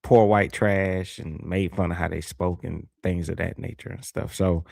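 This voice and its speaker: Low gravelly man chatting on a livestream. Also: fairly even intonation, normal speed, a little mellow, dry recording, studio quality. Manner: laid-back, rambling storytelling with fillers; reads viewer comments aloud. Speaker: livestream host. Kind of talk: casual livestream chat.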